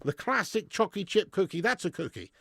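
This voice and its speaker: A man's voice: sits high, big pitch swings, a little fast, vocal fry, a bit bright, no echo, clean studio sound. A man hosting a live stream, bantering with viewers in casual, sweary chat and laughing often.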